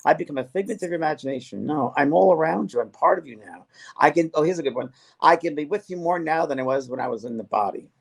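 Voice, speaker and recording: This medium and host has a fairly high, husky voice with vocal fry and lively intonation. He leads a relaxed spiritual conversation, earnest in manner and stumbling through many restarts.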